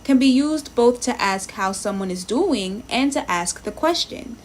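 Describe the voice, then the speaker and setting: A chatty woman streamer with a slightly raised pitch talks her way through a language lesson. She thinks out loud, sounds out words and greets viewers in her chat. There is a faint hum of noise behind her. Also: lively intonation, a little slow. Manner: reads lesson text aloud, sounding words out. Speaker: live-streamer learning languages. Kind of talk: casual live-stream commentary.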